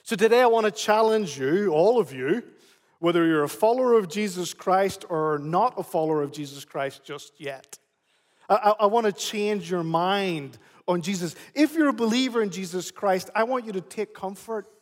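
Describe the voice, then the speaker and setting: A man's voice: high voice, lively intonation, normal speed. A man preaching a sermon as pastor, emphatic and prone to repeating phrases. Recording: long hall reverb.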